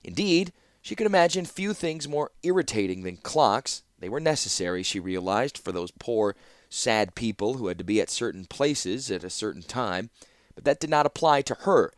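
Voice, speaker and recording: A man narrates a fantasy audiobook in an expressive storytelling style, with a medium-pitched voice at normal speed, recorded in studio quality with no echo.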